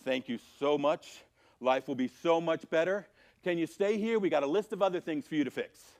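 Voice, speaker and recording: A man's voice: fairly high pitch, normal speed, darkish tone, voice pushed up, natural voice. A man voicing a frightened townsman who eagerly pleads to be rid of his troubles. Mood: pleading. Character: frightened townsman begging for relief.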